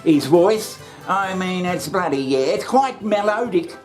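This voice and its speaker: A woman's voice: lowish voice, expressive, a little slow, darkish tone, soft background music. A woman hosting a satirical comedy show, sarcastic and full of swearing, often laughing.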